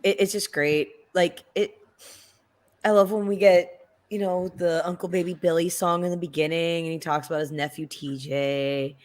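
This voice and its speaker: A woman's voice: on the low side, fairly even intonation, normal speed. A woman co-hosting a casual podcast chat, gushing and effusive. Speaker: podcast co-host.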